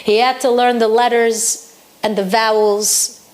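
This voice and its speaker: A woman Torah teacher telling a story from tradition in a lively, expressive way for her lesson. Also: fairly high pitch, a little slow.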